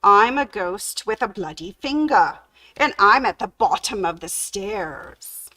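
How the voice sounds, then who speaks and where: A woman voicing a moaning male ghost in a told ghost story, pitched high and loud. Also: sing-song, takes it slowly, gravelly, slight background noise, exaggerated voice. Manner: moaning, growing louder with each repeat. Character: moaning male ghost drawing ever closer.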